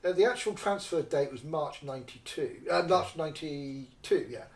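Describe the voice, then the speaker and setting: Man, high and lively storyteller voice, slightly off-mic in an echoey room; good for an animated guest. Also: normal speed, far from the mic. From North East England. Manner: animated, acts out quoted voices. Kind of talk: conversational storytelling. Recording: roomy echo, somewhat off-mic.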